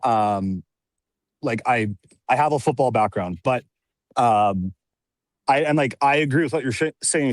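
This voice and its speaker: Guy calling in on a video call, middle pitch, keeps hedging with "like", dry sound. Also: dry recording. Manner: earnest, hedging with many fillers. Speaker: caller. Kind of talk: casual call-in debate.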